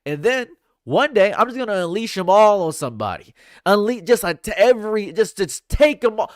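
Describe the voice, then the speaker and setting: Man, livestream commentary, sarcastic, repetitive ranting, slightly high voice, dry close mic. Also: very animated, brisk, no echo. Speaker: streamer. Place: home. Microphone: condenser USB microphone.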